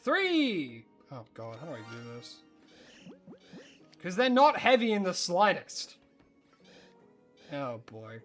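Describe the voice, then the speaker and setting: A streamer with an Australian accent, chatting casually and rambling while playing, breaking into excited disbelief. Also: mid-range voice, takes it slowly, long pauses, soft background music. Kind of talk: casual live-stream chat while gaming.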